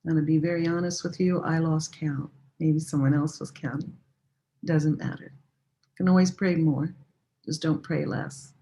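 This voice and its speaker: A woman teaching a spiritual practice, guiding listeners through a chant in a calm, unhurried, gently encouraging way. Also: deep voice, poor audio. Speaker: Sufi teacher leading a practice. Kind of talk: guided meditative chant instruction.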